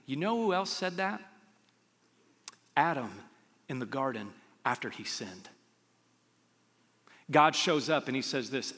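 A man preaching a sermon as a pastor, speaking in a conversational, animated storytelling way with acted quotes. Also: fairly high pitch, normal speed, pauses often, long reverb tail. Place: church auditorium.

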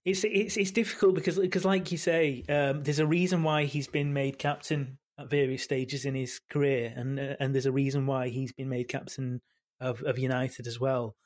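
A man, a football podcast panelist talking in a halting way full of restarts. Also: mid-range voice, steady tone, darkish tone. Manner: halting, many restarts and fillers. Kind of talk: casual football chat.

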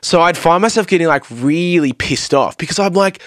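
A young vocalist and producer, guesting on a podcast, tells rambling, sweary, animated stories about his singing career. His slightly high voice moves at a moderate pace, recorded cleanly on a stand-mounted studio mic with no room sound.

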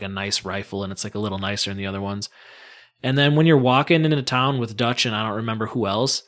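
Man, podcast guest, casual chat, enthusiastic rambling storyteller, acts out quotes, mid-pitched voice. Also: fairly bright tone.

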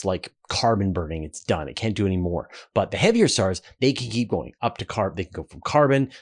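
A man with a Canadian accent hosting a relaxed question-and-answer show, talking casually with fillers and restarts. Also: on the low side. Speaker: host. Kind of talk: casual Q&A talk.

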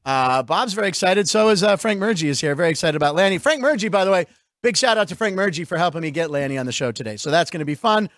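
A middle-aged man from Pittsburgh hosting a casual comedic radio chat, rambling with jokes and quick asides. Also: high voice, lively intonation, a bit bright, dry recording, clean studio sound. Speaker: host.

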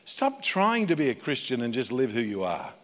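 An Australian man, a pastor, preaching a conversational sermon that swings from loud emphatic peaks to quiet low asides. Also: wildly swooping pitch, normal speed. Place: church. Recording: long hall reverb in a church.

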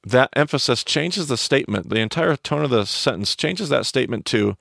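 A man's voice: medium pitch, animated, brisk, gravelly, a bit bright, no room sound, clean studio sound. A man teaching on a podcast, explaining a story and quizzing his cohost with questions.

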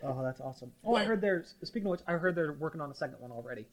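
A man hosting a casual podcast chat, animated and often stumbling and repeating his words. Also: fairly high pitch, very fast, a crowd in the background. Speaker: podcast host.

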